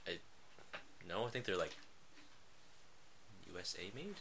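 A man's voice: deep voice, very animated, measured pace, a bit bright. A man co-hosting a podcast in casual chat, laid-back, with short replies and frequent laughs. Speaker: podcast co-host. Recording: faint hiss, poor audio.

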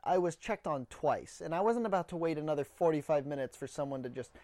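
A man's voice: a little high, lively intonation, quick pace, darkish tone, no room sound. Podcast host guy, a bit out of breath, sarcastic rambling, dry close sound. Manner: blunt, sarcastic, rambling storyteller. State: a little out of breath. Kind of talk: solo comedic monologue.

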